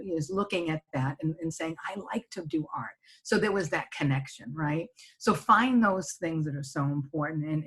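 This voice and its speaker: Woman, middle-aged, husky, lowish voice, conversational webinar talk, at home on a video call. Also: fairly bright tone. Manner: conversational, tags points with "right?". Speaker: senior living presenter. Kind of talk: webinar presentation. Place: home office.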